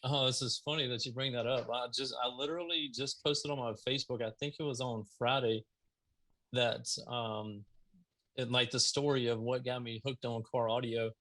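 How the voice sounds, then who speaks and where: Man, Southern accent, bright tone, animated, casual storytelling, video call guest. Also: mid-range voice, normal speed. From Mississippi, US. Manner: animated, laughs while telling stories. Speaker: podcast guest.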